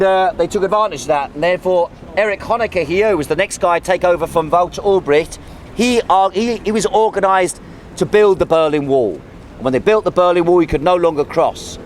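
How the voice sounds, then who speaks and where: A man's voice: sits high, slight background noise. A man guiding a tour outdoors, giving an anecdotal history lecture sprinkled with jokes. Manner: lively, anecdotal, jokey.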